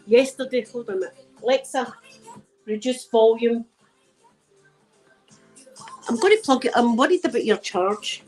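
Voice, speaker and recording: A woman's voice: fairly high pitch, moderate pace, long pauses, darkish tone, soft background music. An older woman with a Scottish accent, chatting and telling funny stories straight to her viewer, laughing as she goes. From Scotland. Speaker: ASMR vlogger. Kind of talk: casual storytelling to camera.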